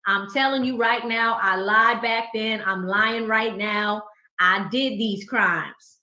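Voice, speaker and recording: Woman imitating a male witness confessing, slow, loud and emphatic, in a roomy space. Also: on the high side, fairly even intonation. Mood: defiant.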